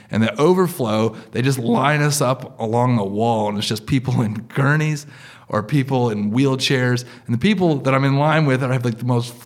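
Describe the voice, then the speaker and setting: A man's voice: medium pitch, vocal fry. A man in his thirties or forties telling a personal story live, in a loose, conversational way full of fillers.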